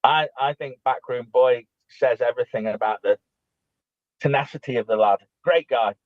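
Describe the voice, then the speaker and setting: A man co-hosting a talk show, chatting in an animated way and repeating words as he thinks. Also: mid-range voice, moderate pace, no echo. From United Kingdom. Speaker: co-host. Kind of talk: casual talk show chat. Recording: dry tinny phone-like line.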